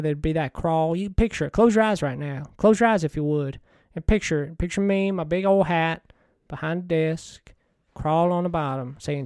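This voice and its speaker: Man, folksy rambling monologue, deadpan, slightly high voice, dry close sound. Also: clear, resonant tone, dry recording. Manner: folksy, meandering, ungrammatical, deadpan. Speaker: comedic former TV money-show host. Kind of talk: rambling comedic character monologue.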